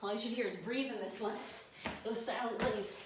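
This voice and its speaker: A breathless woman coaching a workout, panting between cues and counting down to keep people going. Her voice sits a little high and comes from some distance, in an echoey room with clear noise behind her. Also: normal speed. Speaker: fitness instructor. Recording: echoey room from far off, noisy.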